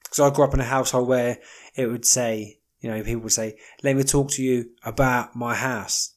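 A man's voice: mid-range voice, fairly even intonation, normal speed. A man hosting a casual solo podcast, rambling with wry jokey asides and plenty of ums. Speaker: podcast host.

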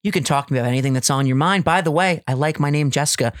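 A man's voice: on the high side, racing, natural voice. A man voicing a cute, eager young female AI girlfriend chatbot. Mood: sweet. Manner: sweet, upbeat, eager.

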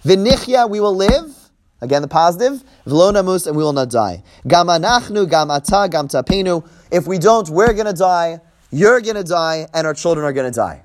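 A high, expressive voice at a moderate pace belongs to this Bible teacher. Leading a text-study class, he reads verses, translates line by line, and gives voice to the quoted speakers. He goes step by step and keeps asking his listeners "right?"

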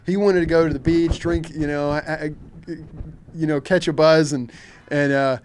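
Animated storytelling man, slightly high voice. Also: normal speed, slight background noise. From Kentucky. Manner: animated, laughs often, frequent restarts and filler. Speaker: shark fishing charter captain, podcast guest. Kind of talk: casual storytelling.

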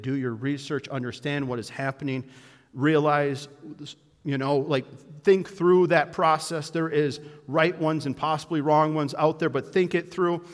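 A male pastor preaching a sermon and closing in prayer, earnest and emphatic, dropping to a hush and then building to loud declarations. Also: medium pitch. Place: church sanctuary. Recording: long hall reverb from a church room.

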